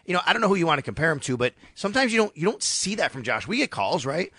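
A man talking sports on the radio in an animated, storytelling way, acting out quotes as he goes. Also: a little high, rapid-fire, slightly rough, no room sound. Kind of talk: casual sports radio chat.

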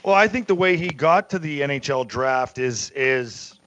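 A man's voice: medium pitch, expressive, moderate pace, fairly bright tone, highs cut off, slight background noise. A man hosting a casual sports talk radio show, talkative and prone to repeating himself.

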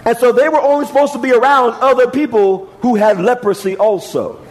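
A man's voice: high-pitched, poor audio. A man preaching a sermon as pastor, repeating phrases and swinging his emphasis up and down.

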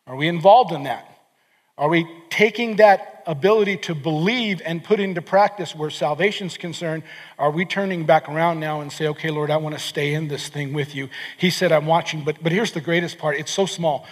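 Earnest high-voiced man preaching in a hall. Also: normal speed. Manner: earnest, repeats words and restarts, acts out quoted voices. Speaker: pastor. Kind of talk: sermon. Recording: long hall reverb.

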